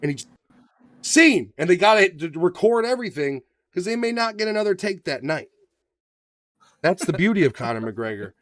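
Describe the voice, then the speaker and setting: Animated, profane man in casual banter. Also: high-pitched, a little fast, no room sound. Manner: animated, profane, acts out voices. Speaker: podcast co-host.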